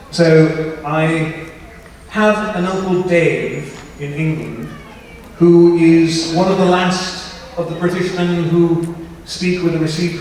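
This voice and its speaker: A man's voice: a little high, darkish tone. A chatty man speaking as an actor on a convention panel, joking and slipping into a posh English voice. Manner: chatty, playful, often slips into a posh English voice. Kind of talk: casual panel talk. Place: large convention hall. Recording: echoey hall from far off, faint noise.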